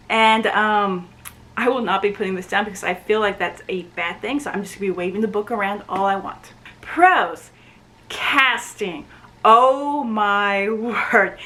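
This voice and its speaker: A woman reacting to and reviewing a TV series, excitable, talking back to the screen and laughing often. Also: mid-range voice, echoey room, low-quality recording.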